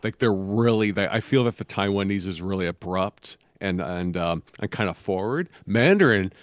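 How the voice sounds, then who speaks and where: Lively low-voiced man joking on stream. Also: normal speed, no room sound. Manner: rambling and joking, laughs often. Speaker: live stream co-host. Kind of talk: casual chat.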